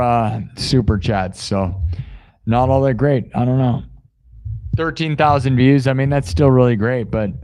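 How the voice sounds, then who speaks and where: An American man hosts his own live stream as a musician, chatting casually with viewers in a rambling way and correcting himself as he goes. His voice is mid-range with a darkish tone.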